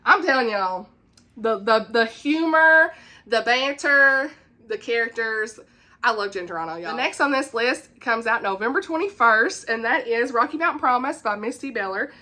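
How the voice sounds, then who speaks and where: Her voice runs on the high side, animated, bright and forceful, at a moderate pace. A Southern US book vlogger, she eagerly talks through upcoming books and reads their blurbs aloud, chuckling at her own stumbles.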